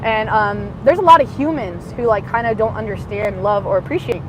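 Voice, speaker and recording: This vlogger, a woman with a mid-range voice and a fairly quick delivery, rants passionately on a livestream as she drives in city traffic. She lurches between yelling and grumbling under her breath, and the car interior is loud with road noise.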